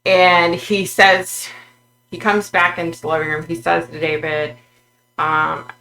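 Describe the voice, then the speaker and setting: A woman vlogger recounting a psychic vision in a halting way, with many fillers and restarts. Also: on the low side, flat delivery, gravelly, sharp tone, faint music behind, low-quality recording.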